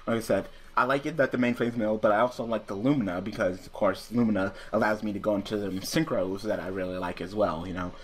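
A man's voice: on the low side, steady tone, fast, few pauses. A young man casually commenting on his own card game duel, profane and rambling, breaking into angry rants and restarting his sentences. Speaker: gaming YouTuber.

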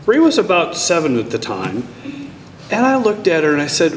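A man's voice: wildly swooping pitch, moderate pace, a little hiss or hum. A middle-aged man introducing his child at a ceremony, telling a family story and acting out the dialogue. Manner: storytelling, acts out dialogue with raised pitch. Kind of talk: anecdotal speech at a ceremony. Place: large hall at a school event. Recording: echoey hall, mic from far off.

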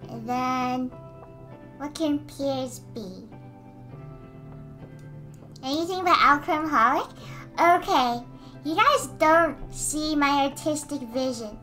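A woman streaming casually while she draws, answering chat, giggly and given to excited squeals. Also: sits high, takes it slowly, long pauses, faint music behind. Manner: responds to chat messages.

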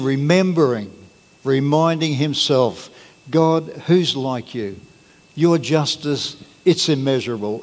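A man preaching a sermon as pastor, earnest and plain-spoken, leaning on key words. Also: medium pitch. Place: church hall. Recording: long reverb of a church hall.

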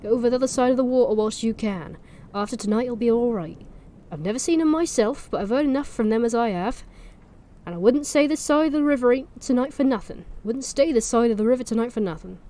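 A woman's voice: on the high side, fairly quick, dark tone, voice pushed up, lightly acted. A woman voicing a wary male village labourer with a Norfolk accent, giving blunt country advice. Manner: gruff advice, rural dialect.

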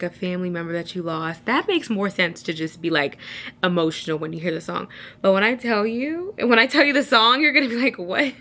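A young woman talks straight to her viewers in a loose, chatty vlog style. Her voice is bright and forward, and she laughs easily. She drops in casual swearing. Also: fairly low pitch, slight background noise. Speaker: vlogger.

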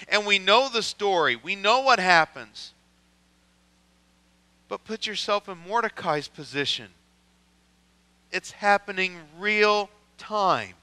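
A man's voice: sits high, animated, slow pace, pauses often, sharp tone, smooth, no echo, low-quality recording. A man with a Midwestern American accent preaching a sermon as a pastor, building to impassioned prayer. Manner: preaching with swelling intensity, voicing scripture prayers.

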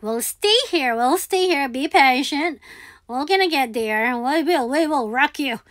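A woman's voice: high voice, lively intonation, measured pace, fairly bright tone, dry recording, clean studio sound. A woman giving live commentary on her own gameplay, talking herself through each move, repeating words and pleading with the game. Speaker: gaming video creator.

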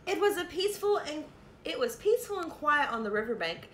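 A woman preschool teacher reading a picture book aloud to young children in an animated, sing-song way, in an echoey room. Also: sits high, fairly quick. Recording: echoey room, faint noise.

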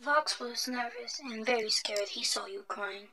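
A woman narrating a listener role-play story in a soft, half-whispered ASMR manner. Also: a little high, steady tone, unhurried, a crowd in the background, rough recording.

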